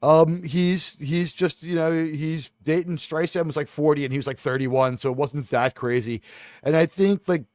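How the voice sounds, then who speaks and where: A man chatting casually on a podcast, joking quickly with lots of filler words. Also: on the high side, fairly even intonation, darkish tone, no echo. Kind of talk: casual chat.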